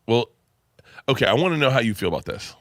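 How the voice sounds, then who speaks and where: A middle-aged man telling a family story on a podcast, animated and profane, acting out the other people's lines. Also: mid-range voice, fast, no room sound, studio quality. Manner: animated, swearing, acts out family dialogue. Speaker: podcast guest. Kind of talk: casual storytelling.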